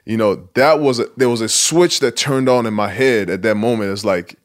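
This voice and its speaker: Candid young man from Nigeria, lowish voice. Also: normal speed, few pauses. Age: 20s. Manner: candid, reflective, swears casually. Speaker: guest, basketball player. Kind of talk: casual interview.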